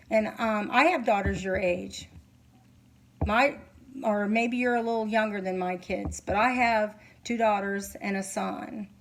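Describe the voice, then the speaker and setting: A middle-aged woman talking to camera at home as a psychic reader, earnest and halting, sleepy and yawning. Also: mid-range voice, fairly even intonation, a little hiss or hum, low-quality recording. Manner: earnest, halting, many fillers. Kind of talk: casual monologue to camera. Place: home, candles lit.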